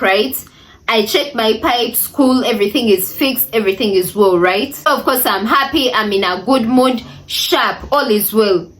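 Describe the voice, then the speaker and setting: A young woman speaks straight to her viewers in a storytime vlog, with a fairly high voice. She is animated and indignant, and she repeats phrases to hammer her points home. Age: young adult. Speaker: vlogger.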